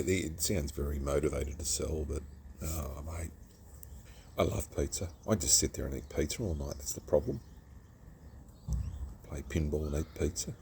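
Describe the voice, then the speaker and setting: A very deep, creaky, slightly mellow voice belongs to an Australian man reviewing a craft beer outdoors at home. In this casual vlog he's chatty and self-mocking, rambling from one topic to the next, with slight background noise.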